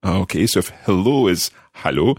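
A deep-voiced man leads a podcast language lesson in a friendly, measured way. His voice has a slightly husky edge and sits in a dry, close studio sound. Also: lively intonation, no echo. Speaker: language course host and learner.

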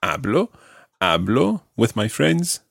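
Man, Spanish teacher, lively pitch, gravelly tone, dry close sound. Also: no room sound. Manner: patient, models pronunciation slowly. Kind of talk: language lesson drills.

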